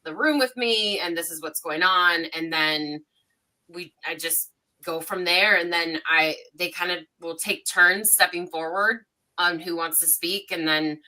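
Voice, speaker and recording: Speaking unhurriedly in a fairly low voice, a woman psychic medium shares stories casually on a livestream panel. She gets animated, voicing dialogue with a rising tone.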